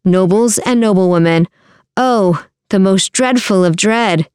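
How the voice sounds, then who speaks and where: A scheming, puffed-up middle-aged nobleman, as a woman reads him out in a storybook. He gloats and wails with put-on grief, his voice smooth and clear. The sound is close and dry. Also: medium pitch, a little slow, darkish tone, no echo, lightly acted. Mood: mock wailing. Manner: mock-grief wailing, gloating. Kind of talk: storybook character reading.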